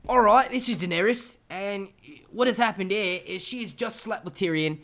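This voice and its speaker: A man putting on the voice of a rowdy male commentator, narrating pictures with crude, halting jokes. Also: high voice, a bit bright, pitched above the performer's own voice. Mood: mocking.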